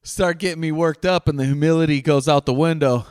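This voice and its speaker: Middle-aged man, blunt profane solo rant, slightly high voice, long reverb. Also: fairly even intonation, brisk, darkish tone, smooth. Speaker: podcast host. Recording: dry voice with long reverb tail.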